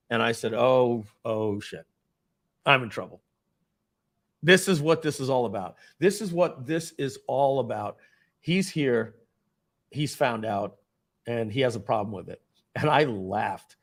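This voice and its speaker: A man in his forties telling a casual story from his working life, acting out the voices of the people in it. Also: medium pitch. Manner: animated storytelling, acts out quoted voices. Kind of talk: casual anecdote.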